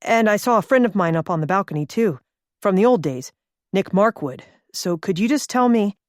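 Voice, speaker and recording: A woman's voice: medium pitch, expressive, moderate pace, no room sound, studio quality, lightly acted. Woman voicing an urgent, pushy man. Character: anxious, impulsive man.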